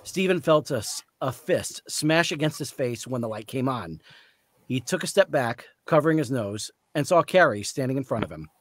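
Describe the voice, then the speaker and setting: A man reading the narration of a novel aloud in a measured storytelling way. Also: mid-range voice, animated, dry recording. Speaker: author reading.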